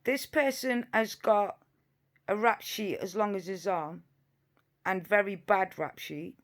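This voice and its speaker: A woman's voice: medium pitch, slow. A woman giving reaction commentary on video clips, emphatic and indignant, repeating her points, sometimes sarcastic.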